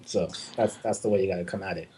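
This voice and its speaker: A young man from Southern California with a husky, low voice. He tells his story loosely and casually, swearing freely. His delivery is relaxed and conversational. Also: fast talker. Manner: casual, profane, acts out quoted dialogue in his telling. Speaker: guest concept artist.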